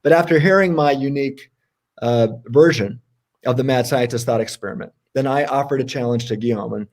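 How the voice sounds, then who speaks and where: A man co-hosting a casual livestream debate, talking in an animated, sarcastic way. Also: fairly quick. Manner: animated and sarcastic, jumps in pitch for emphasis. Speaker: co-host.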